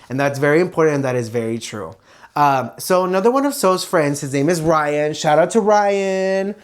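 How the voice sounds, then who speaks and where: Young adult bilingual vlogger, casual, animated storyteller. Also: medium pitch. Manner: animated and expressive, imitates ringing sounds. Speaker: vlogger host. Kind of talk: casual storytelling chat switching between Spanish and English.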